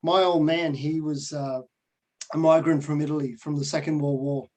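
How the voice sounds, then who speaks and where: A man with an Australian accent who hosts a podcast and talks in a rambling way with halting restarts. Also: a little high, steady tone, a little mellow. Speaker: podcast host. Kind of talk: casual podcast interview.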